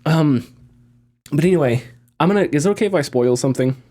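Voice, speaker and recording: A man talking casually on a gaming podcast, animated and rambling, often restarting his sentences. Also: fairly high pitch, quick pace. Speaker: podcast host.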